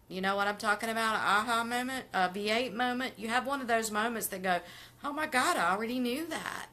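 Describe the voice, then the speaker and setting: A woman's voice: medium pitch, bright, forceful tone. A middle-aged woman talking casually to viewers on a live stream, chatty and upbeat, reading out their comments as she goes. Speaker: vlogger doing a live stream.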